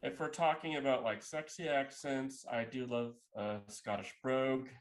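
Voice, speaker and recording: A man co-hosting a casual podcast chat, speaking in a thoughtful, measured way. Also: medium pitch, steady tone. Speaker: podcast co-host.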